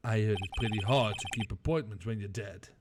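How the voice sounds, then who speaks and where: A man's voice: on the low side, fairly quick, background noise, pitched below the performer's own voice, lightly acted. A man voicing an earnest young male defense lawyer, delivering dry, pointed retorts. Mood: confrontational. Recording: background music.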